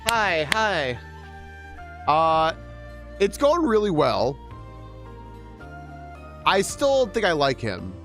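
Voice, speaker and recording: A man's voice: fairly high pitch, wildly swooping pitch, slow, pauses often, fairly bright tone, soft background music. A young man streaming a game, chatting casually, laughing and greeting his chat.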